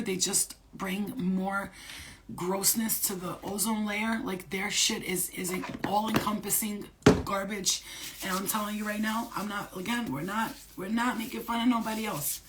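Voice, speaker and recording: A woman's voice: medium pitch, fairly even intonation, normal speed, a bit bright, a little hiss or hum. A woman psychic medium talking casually to her viewers, blunt and emphatic, swearing freely, using street slang and repeating phrases for stress. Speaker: psychic medium giving spirit readings. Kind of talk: casual unscripted channeling talk to viewers.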